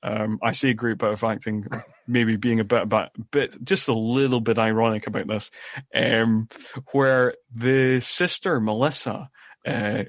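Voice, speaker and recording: A man's voice: fairly low pitch, steady tone, measured pace, no room sound, studio quality. A man co-hosting a movie podcast, recapping a film in casual chat full of fillers and restarts. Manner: rambling, many fillers and restarts. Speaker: podcast co-host. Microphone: podcast microphone.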